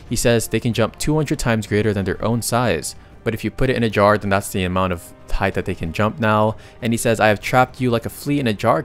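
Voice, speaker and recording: A man narrating a comic story recap in a casual, slangy way, breaking off for joking asides to his viewers. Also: fairly low pitch.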